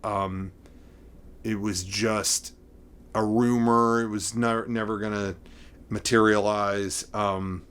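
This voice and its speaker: Excitable rambling man showing off figures. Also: on the low side, slow pace, smooth. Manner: excitable, rambling, mock-emotional. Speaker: vlogger showing figure collection. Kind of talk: casual figure-collecting vlog.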